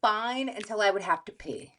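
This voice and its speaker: A woman co-hosting a podcast in casual chat, talking in an animated, frank way and swearing casually. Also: mid-range voice, moderate pace, a little hiss or hum. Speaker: podcast co-host.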